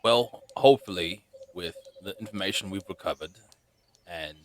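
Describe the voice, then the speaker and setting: Deep-voiced measured man. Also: slight background noise. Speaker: player. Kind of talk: tabletop role-play.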